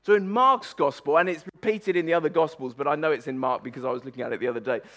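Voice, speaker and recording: Animated, emphatic male preacher. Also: a little high, rapid-fire. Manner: emphatic, animated, stumbles and repeats words. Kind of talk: conversational sermon on a Bible passage.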